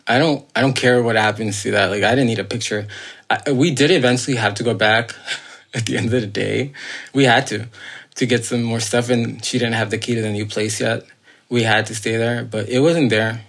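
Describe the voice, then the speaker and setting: A man's voice: mid-range voice, fairly even intonation, normal speed, a bit bright. A man telling his own strange encounter as a podcast guest, in a loose, rambling way full of fillers, restarts and earnest asides. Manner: earnest, insistent. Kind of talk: casual spoken storytelling.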